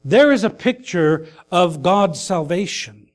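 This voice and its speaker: Pastor guy preaching, grieving, kinda high voice, lots of uhs then big emphatic lines. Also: expressive. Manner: earnest, pausing often with fillers, rising to emphatic calls. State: grieving his mother. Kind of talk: sermon.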